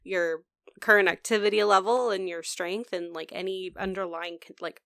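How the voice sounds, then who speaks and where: Smooth-voiced young woman chatting. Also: mid-range voice, steady tone, normal speed, fairly bright tone, dry recording, studio quality. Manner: chatty, full of "like" and "um" fillers. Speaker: podcast co-host. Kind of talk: casual podcast chat.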